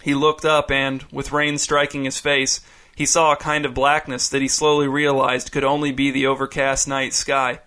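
A man reads a story aloud in a steady, measured audiobook delivery. His voice is bright and crisp, with a mid-range pitch. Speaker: narrator. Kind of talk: audiobook narration.

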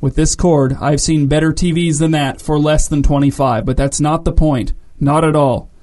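A man's voice: a little high, fairly even intonation, normal speed, darkish tone, natural voice. A man voicing a wounded, dying man who is rude and impatient, speaking in a curt, snapping way.

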